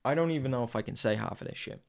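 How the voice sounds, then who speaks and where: A man's voice: medium pitch, rapid-fire, vocal fry. A man hosting a podcast, delivering an intense, profane motivational monologue. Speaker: podcast host.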